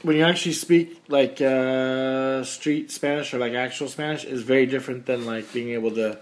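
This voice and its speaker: A man chatting on a podcast, rambling through his stories with jokey asides. His voice sits at an ordinary pitch. A faint hiss of noise stays under his voice. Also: fairly even intonation, moderate pace. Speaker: podcast guest. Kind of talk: casual podcast chat.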